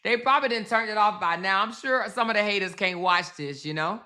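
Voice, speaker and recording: A woman host talks over live stream clips and turns to her viewers as she goes. Her voice is bright and her delivery animated. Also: mid-range voice, a little fast.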